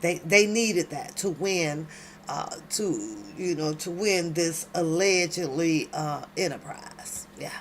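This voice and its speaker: A woman's voice: on the low side, slow pace, a little hiss or hum. A woman hosting late-night commentary at home, reading documents aloud and breaking off into emphatic, slangy remarks to her viewers. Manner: talks to viewers directly, loud emphatic outbursts, slangy. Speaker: commentary channel host.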